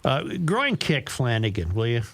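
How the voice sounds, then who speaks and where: A man's voice: mid-range voice, wildly swooping pitch, normal speed, a bit bright, slight background noise. A man hosting a talk radio show, bluntly scornful in banter and reading a listener's letter aloud. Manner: blunt and scornful, reads aloud with shifting emphasis.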